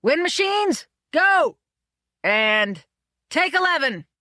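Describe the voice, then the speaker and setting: A reader voicing a loud, irritable male film director who shouts orders. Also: mid-range voice, animated, normal speed, no room sound, clean studio sound. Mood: shouting. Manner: shouting orders through a megaphone, profane.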